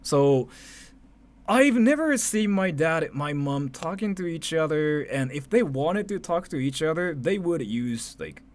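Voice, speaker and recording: A Japanese-accented man from Japan, in his thirties, talks casually and animatedly on a livestream, his voice on the high side and a little slow. He laughs often and slips swearing in among his filler words.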